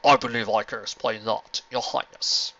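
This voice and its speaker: Old pony wizard, voiced by a man; calm, measured, low, dull recording. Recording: lo-fi home recording.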